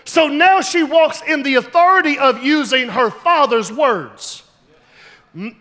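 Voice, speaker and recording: A male pastor preaching a sermon, telling stories and building to loud, emphatic shouts. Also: very high voice, unhurried, long reverb tail.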